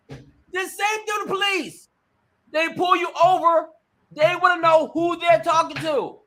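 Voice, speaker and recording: High, bright-voiced animated male host. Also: normal speed. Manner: animated and emphatic, acts out little scenes; addresses listeners as ladies and gentlemen. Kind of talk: opinion talk show commentary.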